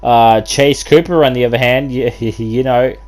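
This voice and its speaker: A man's voice: mid-range voice, fairly even intonation, moderate pace, darkish tone. A man calling wrestling play-by-play as host, rambling through constant fillers and restarts, breaking into bursts of hype. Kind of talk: excited wrestling play-by-play commentary.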